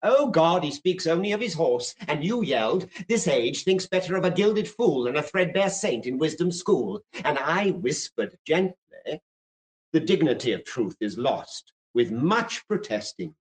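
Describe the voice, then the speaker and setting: An actor playing a smooth, mocking fire captain in a vintage radio drama, taunting a younger fireman with quotations. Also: fairly high pitch, very animated, measured pace, low-quality recording. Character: silky, mocking male fire captain who loves quotations.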